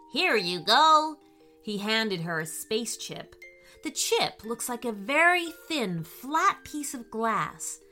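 A woman narrating a children's story in a gentle, expressive storybook manner, giving the characters little voices. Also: a little high.

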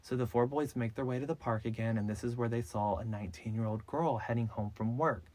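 This male podcast host speaks a little fast in a medium-pitched, somewhat mellow voice. He recounts a true-crime case casually and loosely, leaning constantly on "like" and "so."

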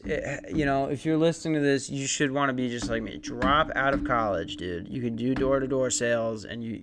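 A man's voice: mid-range voice, fairly bright tone. A young man telling a rambling, profane, self-mocking story about his door-to-door sales job. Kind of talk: casual comedic storytelling monologue.

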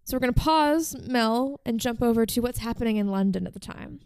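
A woman's voice: fairly high pitch, brisk, darkish tone, smooth, no room sound. A woman hosting a podcast, telling a story in casual chat with lots of "like" fillers. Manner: chatty, frequent "like" fillers. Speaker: podcast host.

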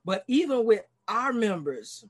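A man's voice: high-pitched, big pitch swings, a little slow. Earnest, talkative male pastor. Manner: earnest, enthusiastic, often restarts and repeats words; talkative self-described extrovert. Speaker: pastor and podcast guest. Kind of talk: casual podcast interview.

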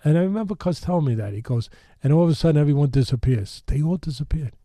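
A man's voice: on the high side, animated, fast talker, dark tone, dry recording. A man telling a story in a loose, rambling way, full of fillers and restarts, with blunt street-tough talk. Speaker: storytelling guest. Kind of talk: casual spoken storytelling.

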